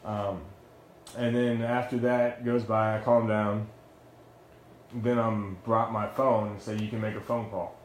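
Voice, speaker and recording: Speaking a little slowly in a flat, low-leaning voice, a young ex-Marine gives a heated first-person account of being arrested. He's blunt, swears, and keeps restarting. The sound is reverberant, with slight hiss or hum.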